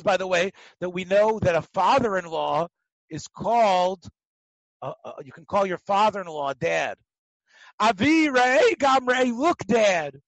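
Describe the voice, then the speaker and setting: A man teaching a Talmud class, telling the stories in an animated way, acting out the quotes and often restarting his sentences. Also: high voice, no echo, rough recording. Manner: animated storytelling, acts out quotes, frequent restarts. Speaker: Torah teacher.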